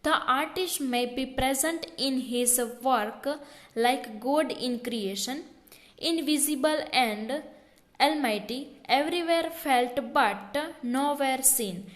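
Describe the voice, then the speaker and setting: A woman with a high voice explains exam answers step by step, going back over each point. She speaks slowly and deliberately. The recording has a noticeable room echo. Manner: slow, explanatory, repeats key points. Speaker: teacher. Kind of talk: exam question walkthrough. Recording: echoey room.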